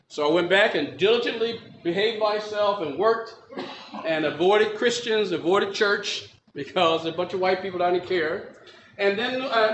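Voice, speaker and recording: Guy telling his life story in an echoey room, high voice, does all the voices. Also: a bit bright, slight background noise. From Milwaukee, Wisconsin. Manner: acts out dialogue in quotes, laughs at his own story. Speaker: testimony speaker. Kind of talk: personal testimony storytelling. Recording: echoey room with faint ambience.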